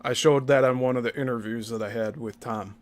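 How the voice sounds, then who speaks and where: A man's voice: medium pitch, steady tone, a little fast. A man hosting a commentary podcast, breaking down an interview with critical, pointed remarks. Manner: critical, pointed asides to co-host. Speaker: host.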